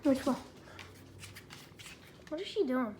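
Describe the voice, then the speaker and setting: A woman vlogs at home, playfully teasing her dogs in off-the-cuff chatter as she films them. Her high-pitched voice is expressive, slow and a little mellow, and the home video recording is noisy.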